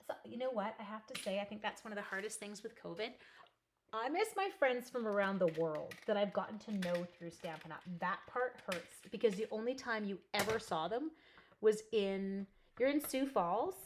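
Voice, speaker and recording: Hosting a live crafting session, this chatty middle-aged woman from Canada narrates each step to herself with giggles while talking to viewers. She speaks at a moderate pace in a medium pitch with lively intonation, over a little hiss or hum.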